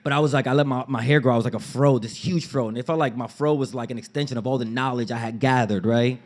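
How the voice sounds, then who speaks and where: On stage at a story slam, a man from a Dominican family background tells a personal story live, talking fast in a mid-range voice. He's animated, casual and slangy, swearing and using street slang while acting out his family members' lines in raised voices.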